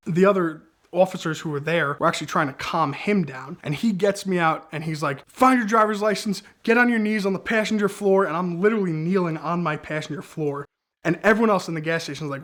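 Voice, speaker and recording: Young male storyteller, slightly high voice, animated delivery. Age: young adult. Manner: animated, acts out the cops' shouting in quoted lines. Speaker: guest storyteller. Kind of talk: casual storytelling.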